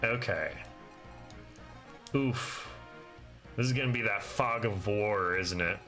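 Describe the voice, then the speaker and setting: A man's voice: fairly low pitch, takes it slowly, pushed and bright, faint music behind. A man giving joking, chatty commentary over a video game playthrough. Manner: joking and chatty, with small laughs. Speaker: gaming video host. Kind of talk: casual let's-play commentary.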